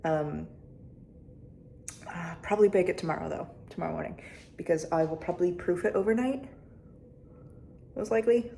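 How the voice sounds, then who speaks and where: A woman's voice: fairly low pitch, normal speed, gravelly, pauses often, warm tone, a little hiss or hum. A young woman chatting casually to camera in a rambling, self-deprecating way while she goes about her day at home. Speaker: vlogger. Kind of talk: casual vlog chat.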